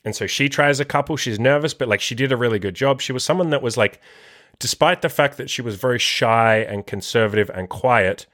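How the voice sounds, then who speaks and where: A man's voice: mid-range voice, a little fast, fairly bright tone, no echo, clean studio sound. A young man hosting a podcast, telling a casual story in a crude, profane way and leaning heavily on the filler word "like". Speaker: podcast host.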